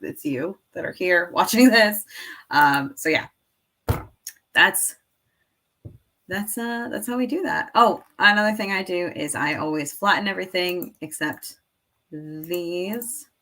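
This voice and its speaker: Rambling woman with a lowish voice. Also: takes it slowly, long pauses, pushed and bright. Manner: rambling, filler-heavy, laughs at herself. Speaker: teacher and online seller. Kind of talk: casual screen-share tutorial.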